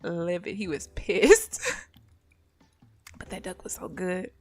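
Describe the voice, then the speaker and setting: A woman host of a live stream, telling a casual story to her chat in an animated way, laughing often and acting out the voices of the people she quotes. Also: fairly low pitch, takes it slowly.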